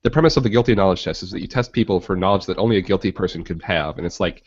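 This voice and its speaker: Low-voiced profane joking podcast man. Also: very fast, husky, dull audio. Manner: joking, profane, lectures from studies. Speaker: podcast co-host. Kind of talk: casual chat. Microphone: video call.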